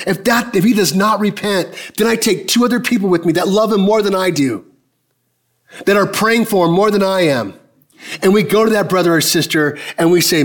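A man's voice: expressive, brisk. A man in his fifties preaching a sermon as pastor, telling personal stories and acting out the dialogue. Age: 50s. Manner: storytelling, acting out dialogue in lowered voices.

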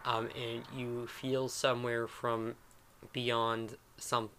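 A man's voice: mid-range voice, little pitch movement, slow pace, bright, forceful tone, a little hiss or hum. A man running a tabletop game as game master, rambling and self-deprecating as he narrates and jokes.

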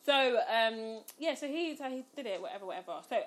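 A young woman tells a story in casual chat. Her voice sits a little high, and she laughs as she goes. She acts out her own quotes with big swings in her voice. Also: animated, fast, fairly bright tone.

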